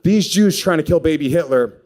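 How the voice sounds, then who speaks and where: A man doing a stand-up comedy set, brash and profane with a deadpan edge. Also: a little high, brisk. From Puerto Rico. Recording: live club set with a laughing crowd. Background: audience laughter.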